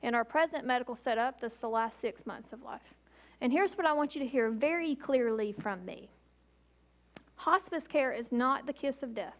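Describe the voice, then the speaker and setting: A woman in her forties, an emergency physician, giving an emphatic public talk with slow, deliberate pauses. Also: on the high side, animated.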